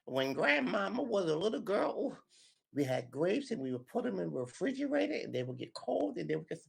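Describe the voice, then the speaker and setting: A man voicing a doting old grandmother in a high, sing-song falsetto. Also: big pitch swings, fairly quick, creaky, husky, full character voice. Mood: wistful.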